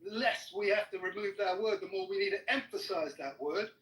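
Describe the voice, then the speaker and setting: A man in a heated argument, furious and swearing constantly as he shouts down the other person. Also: sits high, brisk. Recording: echoey room, mic at a distance.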